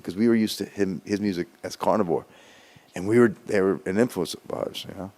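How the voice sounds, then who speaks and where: A man's voice: deep voice, fairly quick, darkish tone. A middle-aged man telling a loose, laid-back story in casual chat, with casual swearing. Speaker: musician sharing a memory.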